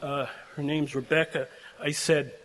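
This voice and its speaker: A man's voice: fairly high pitch, little pitch movement, measured pace, a bit bright. Older man speaking in an echoing chapel. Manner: heartfelt, emotional, prone to tearing up. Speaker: guest speaker addressing seminary graduates. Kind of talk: earnest storytelling address. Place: large chapel. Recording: long chapel reverb.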